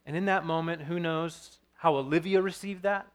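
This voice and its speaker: A man's voice: fairly high pitch, normal speed. A man in his thirties preaching a sermon as pastor, earnest and storytelling, with frequent restarts.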